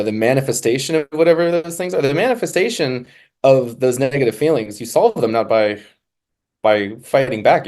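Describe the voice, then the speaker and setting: A man's voice: mid-range voice, darkish tone. Easygoing male podcast host. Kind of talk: casual conversation.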